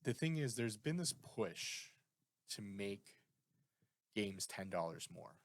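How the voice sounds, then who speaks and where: A Canadian man with a lowish voice rambles through a casual podcast chat, animated and prone to tangents. His voice sounds dry and close to the mic. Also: takes it slowly, no echo. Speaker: podcast co-host.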